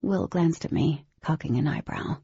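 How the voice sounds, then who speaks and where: A woman giving scripted first-person audiobook narration in a steady, even storytelling manner. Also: sits low, normal speed, vocal fry, husky, dry recording, dull audio.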